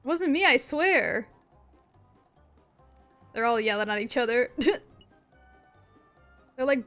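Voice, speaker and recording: High-voiced, excitable woman streamer. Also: slow, pauses often, soft background music. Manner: excitable, playful, swears a lot. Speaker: game streamer. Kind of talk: casual gaming commentary.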